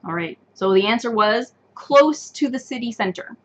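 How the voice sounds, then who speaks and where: A woman teaching an online English test-prep lesson, patient and encouraging, repeating each answer slowly. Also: a little high, expressive, highs cut off, slight background noise.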